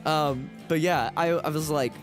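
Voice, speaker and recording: A man with a fairly high, steady voice streams casually at an unhurried pace, rambling and joking at his own expense with many restarts. Background music plays beneath his voice in this livestream chat.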